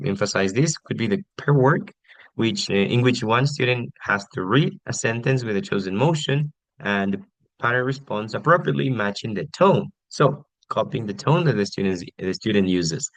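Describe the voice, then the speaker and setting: A man's voice: on the low side, fairly bright tone, no room sound, poor audio. Man explaining an English lesson plan. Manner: explanatory, frequent "okay" and restarts, acts out example sentences. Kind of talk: recorded class presentation.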